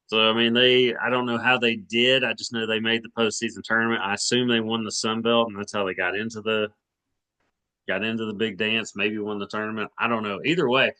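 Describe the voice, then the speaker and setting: A man's voice: lowish voice, sharp tone. A man of around forty from Arkansas, co-hosting a sports podcast in casual chat, rambling with many restarts and hedges.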